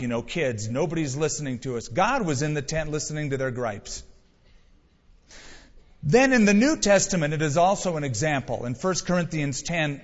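A male pastor preaching a sermon, with wide swings in loudness and a voice that drops low on key words. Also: big-room sound, dull audio.

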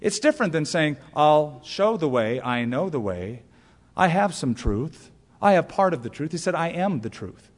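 A man's voice: on the high side, very animated, moderate pace, in a large hall. A male pastor preaching a sermon, telling stories and asking rhetorical questions with emphatic punch lines.

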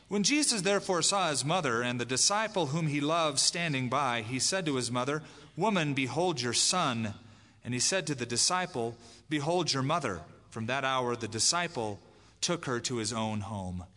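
A man's voice: medium pitch, expressive, moderate pace, sharp tone. A man preaching a sermon as pastor, emphatic, dramatizing the lines he quotes. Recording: long hall reverb.

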